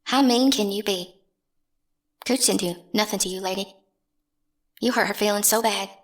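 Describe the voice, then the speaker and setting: A woman's voice: medium pitch, normal speed. A young woman, ranting bluntly and scornfully in a casual vlog. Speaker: channel host.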